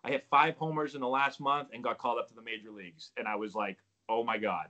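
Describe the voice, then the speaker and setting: In lo-fi audio, a mid-range male voice moves at a quick pace. He's a thirtysomething former professional baseball player guesting on a casual interview, spinning stories and animatedly voicing the lines people said.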